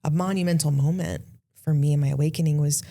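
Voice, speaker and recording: Low-voiced gravelly woman host. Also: fairly even intonation, warm tone. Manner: emotional, tells a personal story with rushes and halting restarts. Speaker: podcast host. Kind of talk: casual conversation.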